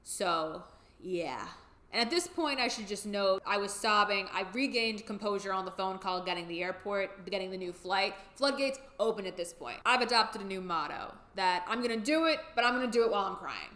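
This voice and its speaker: A woman's voice: medium pitch, lively intonation, normal speed, fairly bright tone. A young woman telling a candid, rambling, emotional travel story in a casual vlog. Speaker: vlogger. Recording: echoey room.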